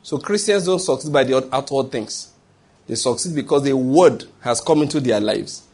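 A male preacher delivering a sermon in a husky voice. He speaks with emphasis and often throws a question to the congregation before answering it himself. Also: mid-range voice, animated, normal speed, darkish tone.

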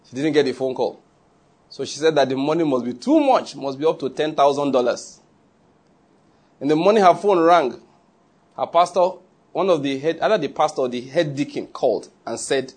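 A man preaches by telling a story in an animated, conversational way. His voice is husky and sits in a middle range. He breaks off for little asides to the congregation. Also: mid-range voice. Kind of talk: sermon storytelling.

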